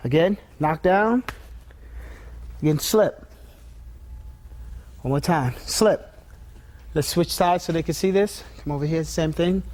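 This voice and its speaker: A martial arts instructor with a fairly high, slightly mellow voice leads an instructional demonstration. He calls out drill commands and talks through blocks and strikes step by step.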